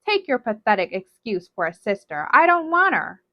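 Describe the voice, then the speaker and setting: A woman voicing a cruel, possessive witch mother who threatens and commands loudly, on a dull, dry recording. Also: a little high, sing-song, moderate pace, no echo. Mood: furious.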